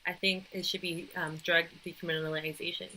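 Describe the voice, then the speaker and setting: Young woman with a bright, teasing voice. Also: fairly low pitch, little pitch movement, brisk, slight background noise, poor audio. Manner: playful, teasing. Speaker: podcast co-host. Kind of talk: casual chat.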